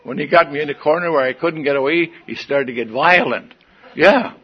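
A man's voice: on the high side, fast, breathy edge, highs cut off. An older man giving a folksy, wry personal testimony at a meeting, in front of an audience. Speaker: recovery meeting speaker.

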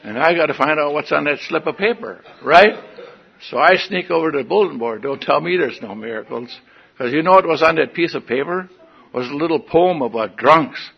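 A man's voice: a little high, vocal fry, highs cut off, a little hiss or hum. An older man giving a folksy, wry personal testimony at a meeting, in front of an audience. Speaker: recovery meeting speaker.

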